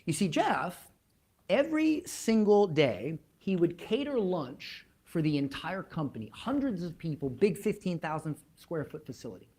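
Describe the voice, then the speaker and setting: A man's voice: a little high, very animated, moderate pace, a little mellow. A man speaking as a motivational speaker, telling a story to an online audience, emphatic and repeating words as he builds up, then dropping almost to a whisper. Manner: emphatic, with dramatic drops to near-whispers.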